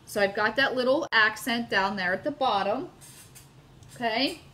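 A woman's voice: a little high, normal speed, bright, forceful tone. A middle-aged woman hosting a casual live crafting demo at home, chatting and gushing to her viewers as she works. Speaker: craft video host.

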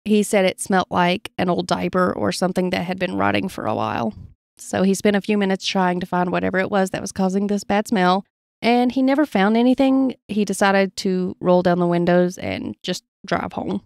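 A woman podcast co-host reads out unsettling stories in a relaxed, chatty way, laughing easily. Her voice sits at a middling pitch. The mic is close and the room is dry, with almost no echo. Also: normal speed, vocal fry. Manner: reads from notes, laughs easily, plays along with jokes. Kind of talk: reading paranormal stories in casual chat.

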